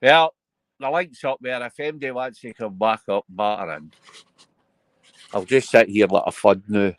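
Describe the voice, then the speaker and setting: A man's voice: on the low side, a little slow, no room sound. A Scottish man hosting a live chat from home. He rambles casually and keeps his callers in line. His voice sounds close and dry, with no room around it. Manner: chatty, scolds callers. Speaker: livestream host.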